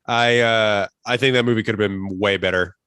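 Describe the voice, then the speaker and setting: A man co-hosting a podcast in casual chat, animated and swearing, often breaking off mid-sentence. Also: lowish voice, normal speed, clear, resonant tone, no echo. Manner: animated, swearing, self-interrupting. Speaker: podcast co-host.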